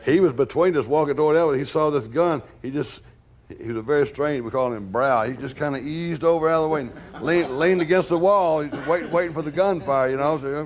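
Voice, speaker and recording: An older man in a documentary interview telling a story in a blunt, animated way, swearing freely. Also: on the high side. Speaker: interviewee recalling past events.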